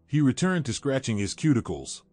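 A man narrating a horror story in a steady, measured way, his voice at an ordinary middle pitch. Soft background music plays faintly beneath the narration. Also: no room sound. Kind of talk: scripted narration.

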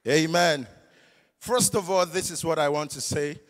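A man with a Nigerian accent doing stand-up comedy at a church service, loud and teasing, leading call-and-response with the crowd. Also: fairly high pitch, a little slow. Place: large church hall. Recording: echoey hall with long reverb.

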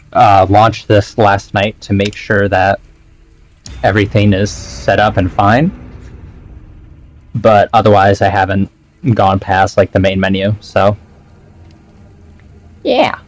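A man's voice: on the low side, dry recording. A young man streaming for the first time, chatting casually and apologetically while setting up, on a cheap microphone. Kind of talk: casual chat. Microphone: cheap desk microphone.

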